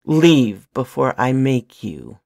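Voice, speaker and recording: A woman voicing a brooding young male magician who speaks low, quiet and tense in a storybook reading. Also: very animated, takes it slowly, creaky, no room sound, studio quality, full character voice. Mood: menacing.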